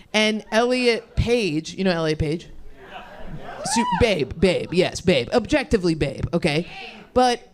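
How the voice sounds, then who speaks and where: A young woman performing a stand-up comedy set, rambling and self-deprecating, chatting with the crowd between bits. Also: lowish voice.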